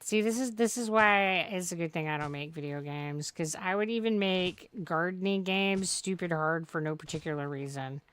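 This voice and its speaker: A woman's voice: on the low side, moderate pace, hardly any pauses, a bit bright, clean tone. A woman streamer chatting through a farming game, rambling and joking with plenty of swearing. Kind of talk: casual gameplay commentary.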